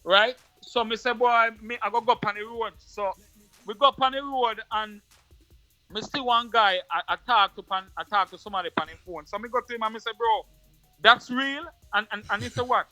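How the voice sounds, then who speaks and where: A man with a Jamaican accent, an interview guest who tells a personal story in patois in an animated way, often repeating his words. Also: high voice, brisk, dry recording, faint music behind.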